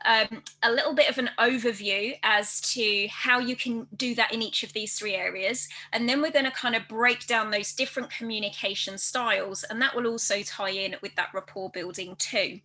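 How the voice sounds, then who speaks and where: Fast, crisp woman presenter. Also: fairly high pitch, rough recording. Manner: fast, loud and well articulated. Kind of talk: training video talk.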